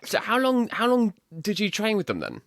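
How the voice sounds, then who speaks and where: A woman's voice: medium pitch, wildly swooping pitch, normal speed. A woman hosting a podcast, asking her guest casual follow-up questions. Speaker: podcast host. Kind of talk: casual interview.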